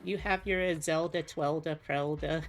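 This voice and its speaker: A woman's voice: low voice, steady tone, a little slow, faint music behind. A woman streamer chatting casually to her viewers while playing, rambling and musing aloud with plenty of fillers.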